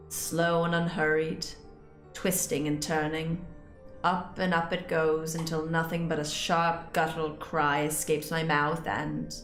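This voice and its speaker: A young woman with a lowish voice reads a story game aloud in a dramatic, expressive way. Her voice rings in a roomy space, and soft music plays under her. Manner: expressive, breaks into panicked rambling. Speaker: gaming channel host. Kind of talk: dramatic reading of a visual novel.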